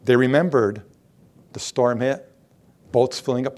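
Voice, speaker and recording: A man's voice: medium pitch, unhurried, a little mellow. A middle-aged man preaching a sermon, asking rhetorical questions and reading scripture aloud.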